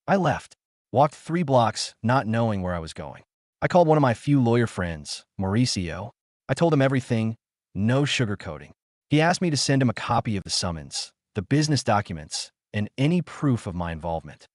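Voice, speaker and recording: Guy reading a dramatic first-person story, bitter, very lively pitch, dry close mic. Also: brisk, no room sound. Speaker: narrator.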